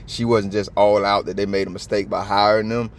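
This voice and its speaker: A man's voice: lowish voice, flat delivery, brisk, a little hiss or hum. A man from Georgia with a Southern accent, ranting profanely in heavy slang as the host of a casual reaction commentary.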